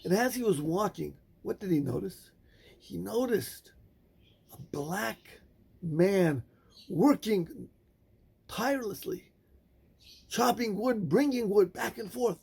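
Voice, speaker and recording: A male rabbi giving a sermon, telling a story with measured, dramatic pauses. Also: high voice, lively intonation, vocal fry, darkish tone, slightly rough.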